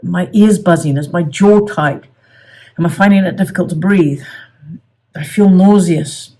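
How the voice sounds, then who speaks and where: A man's voice: high-pitched, normal speed, mellow. A middle-aged man teaching a self-help method in an earnest, casual way, often repeating words and restarting sentences.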